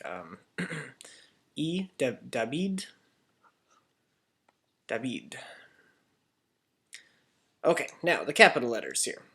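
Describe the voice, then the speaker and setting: A man's voice: medium pitch, a bit bright. A man teaching a casual lesson for children, chatty and correcting himself as he goes. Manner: chatty, self-correcting, asks kids to repeat.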